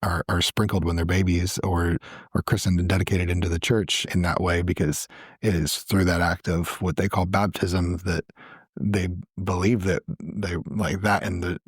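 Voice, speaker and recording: A man's voice: low-pitched, husky, dry recording, clean studio sound. A man hosting a casual church interview, affirming his guest and explaining doctrine with lots of restarts and repeated words. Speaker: church podcast host, interviewer.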